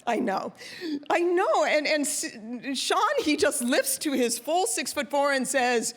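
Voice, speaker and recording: A woman telling a personal story on stage in a lively, chatty, expressive way. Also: high voice, measured pace.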